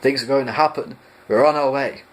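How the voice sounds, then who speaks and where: A man voicing an excitable alien traveler who talks urgently and insistently, as in a fan audiobook reading. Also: mid-range voice, a little fast, voice pushed up, natural voice, low-quality recording. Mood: eager.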